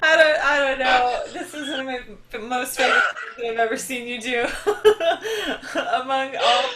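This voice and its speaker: A woman's voice: sits high, moderate pace, a crowd in the background. A young woman hosting an interview, gushing with enthusiasm and giggling often as she talks. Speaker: interviewer, host. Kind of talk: casual interview conversation. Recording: echoey room.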